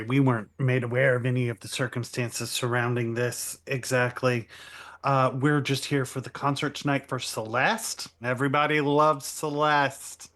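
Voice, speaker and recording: A man's voice: medium pitch, fairly bright tone. Brief: man playing a tabletop game in character, hesitant and playful. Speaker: player.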